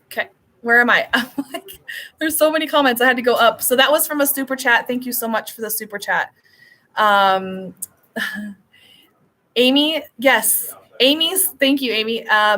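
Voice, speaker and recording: Bubbly bright-voiced woman hosting a live stream. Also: on the high side. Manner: chatty, rambling, laughs often. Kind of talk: casual live-stream chat. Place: resort suite by the beach.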